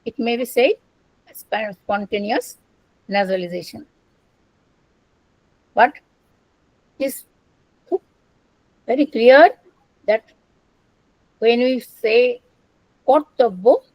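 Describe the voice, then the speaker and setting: An older woman delivers an academic lecture, unhurried and careful, repeating each word as she works through it. Her voice sits somewhat high. The recording is dry and close, with no room sound. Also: no echo, lo-fi sound. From India. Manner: slow, deliberate, repeats words while explaining. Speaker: lecturer on Sanskrit and Prakrit.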